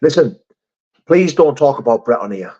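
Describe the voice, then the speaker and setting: With a warm, medium-pitched voice and lively intonation, this man speaks at a moderate pace while hosting a casual live stream. He reads comments from viewers aloud and answers them in frank, sweary chat, over slightly dull lo-fi audio.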